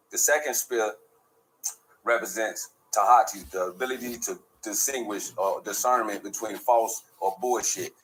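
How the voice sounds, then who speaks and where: Fast-talking, profane, preachy streetwise man. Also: fairly low pitch, a bit bright, low-quality recording. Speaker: show host. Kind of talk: casual spiritual monologue.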